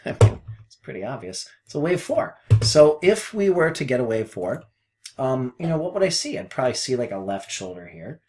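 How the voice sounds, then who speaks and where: A man talking casually as a forex trading mentor, rambling and self-deprecating, swinging between low mutters and loud outbursts, with folksy phrases and mild cursing. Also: big pitch swings, moderate pace, slight background noise. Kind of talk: casual screen-share trading commentary.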